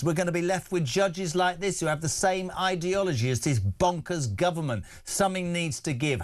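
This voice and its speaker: Indignant radio host, man. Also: a little high. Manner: indignant, emphatic ranting. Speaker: radio breakfast show host. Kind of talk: opinionated talk radio.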